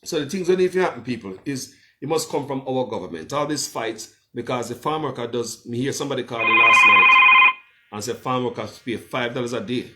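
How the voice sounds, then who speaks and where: In a very noisy recording, a Jamaican-accented blogger runs a livestream featuring a phone-in guest. He talks fairly quickly at a medium pitch, impassioned throughout, and keeps addressing his viewers directly as people.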